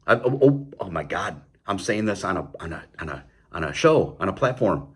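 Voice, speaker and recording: A man's voice: low-pitched, big pitch swings, normal speed, fairly bright tone, husky. A man hosting his own show, delivering an impassioned political commentary monologue, heated and stumbling over repeated words, with mocking sarcastic asides. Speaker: show host.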